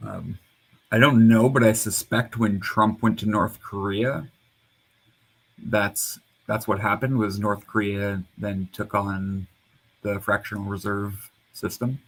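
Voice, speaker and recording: A man's voice: on the low side, steady tone, takes it slowly, husky, poor audio. A man talking in a casual online panel chat, rambling and hesitant, over a computer mic. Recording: hum of a loud computer fan.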